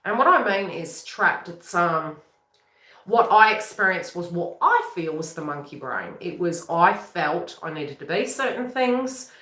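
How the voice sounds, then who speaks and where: A rambling, chatty woman talks to camera about her spiritual path, her voice bright and swinging widely up and down. She laughs easily. The sound comes from a room that echoes noticeably. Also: fairly low pitch, big pitch swings. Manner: rambling and chatty, with quick laughs and acted-out quotes. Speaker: psychic reader and YouTuber. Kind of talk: casual spiritual talk to camera.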